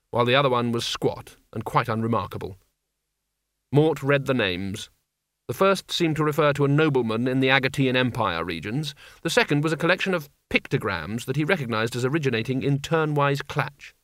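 A man narrating a fantasy novel aloud in a measured, even storytelling manner. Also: medium pitch, dry recording, clean studio sound. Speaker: audiobook narrator. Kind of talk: scripted narration.

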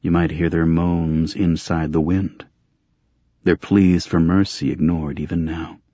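A very deep, husky male voice narrating a first-person audiobook in a dry, gritty way. The sound is close and dead, with no room around it. The recording is a little dull and muffled. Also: flat delivery, unhurried, dark tone, no room sound.

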